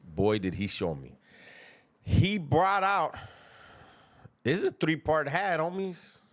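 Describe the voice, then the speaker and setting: A man's voice: on the high side, very animated, slow, no echo, studio quality. Laid-back slangy man. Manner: laid-back and slangy, chuckles at his own tale. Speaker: storyteller recounting prison life. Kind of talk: casual spoken storytelling.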